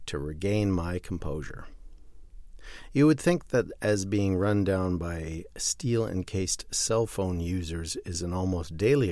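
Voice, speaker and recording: Brief: male podcast host, deep voice, dry close sound, wry read-aloud delivery. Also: dry recording. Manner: wry, dry asides between readings. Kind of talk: casual podcast reading aloud from a zine.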